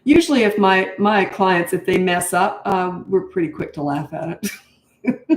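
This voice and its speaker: A woman's voice: fairly low pitch, a little slow. Chatty older woman in an echoey room. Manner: chatty, frank and laughing easily. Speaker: parenting coach. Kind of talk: answering interview questions. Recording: roomy echo.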